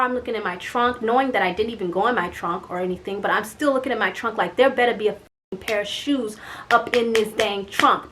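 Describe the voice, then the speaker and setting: Animated young woman telling a story. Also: fairly high pitch. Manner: animated, exasperated, swears and says "like" often. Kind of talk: casual storytime chat.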